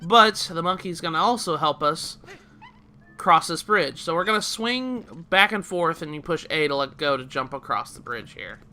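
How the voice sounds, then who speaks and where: A man's voice: a little high, lively intonation, normal speed, bright, forceful tone. A man giving a casual, chatty game walkthrough, often laughing while he explains each step. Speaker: let's play host.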